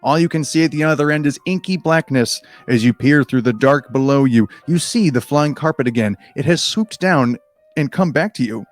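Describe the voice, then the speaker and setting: A man's voice: a little high, moderate pace, faint music behind. A man reading a choose-your-own-adventure book aloud in a casual, comedic way, with rambling, self-deprecating asides and frequent swearing.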